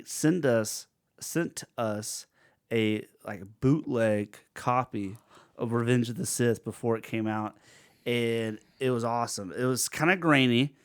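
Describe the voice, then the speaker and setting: A man in his thirties hosting a casual podcast chat, animated and jokey, bursting into loud sound effects and laughs. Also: medium pitch, unhurried, clean tone. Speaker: podcast host.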